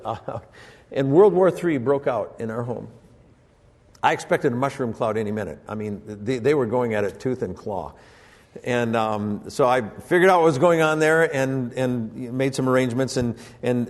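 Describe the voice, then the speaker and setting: An older man preaching a sermon as pastor, telling family stories and acting out voices with sudden high jumps in pitch. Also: a little mellow, long reverb tail. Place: church sanctuary.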